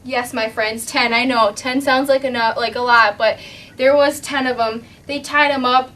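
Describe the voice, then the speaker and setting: A girl improvising a playful, dramatic story with shouted sound effects, recorded from a distance. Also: on the high side, fairly even intonation, normal speed. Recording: distant mic, faint background hum.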